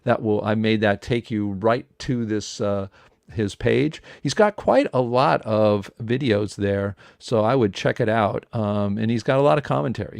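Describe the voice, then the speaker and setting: A man's voice: mid-range voice, creaky, a little mellow, no echo, studio quality. A man hosting an online interview, rambling along with many fillers and restarts. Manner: rambling, filler-heavy delivery. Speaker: host.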